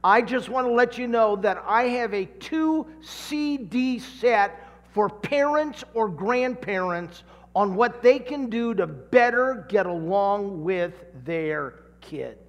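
High-voiced pastor in a reverberant hall. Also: male voice, slow pace. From California. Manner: animated storyteller, acting out voices. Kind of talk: sermon with personal story.

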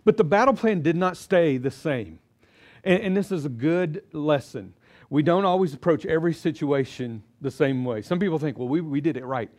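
A man's voice: a little high, expressive, normal speed, a little mellow. Chatty man teaching a live audience. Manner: chatty, asks audience questions, acts out quotes. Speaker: Bible teacher. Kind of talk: lively live seminar teaching. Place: indoor seminar with live audience.

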